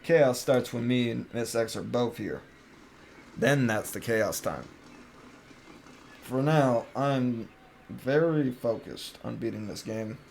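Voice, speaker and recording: A man's voice: medium pitch, slow pace, creaky, pauses often, a little mellow, slight background noise. A young man streaming a game, chatting casually, joking around and swearing freely. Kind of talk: casual gaming stream chat.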